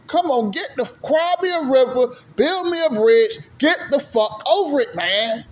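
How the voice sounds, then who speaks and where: A man ranting casually about basketball fans in a profane, animated way, often tagging his points with "right?". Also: extremely high pitch, moderate pace, slight background noise. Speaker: vlogger, sports commentator. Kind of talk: casual ranting sports talk. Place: sitting at home doing laundry.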